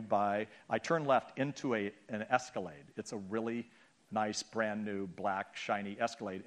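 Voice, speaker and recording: Man, middle-aged, guest speaker, humorous storytelling, self-deprecating, acts out voices. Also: medium pitch. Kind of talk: storytelling sermon talk.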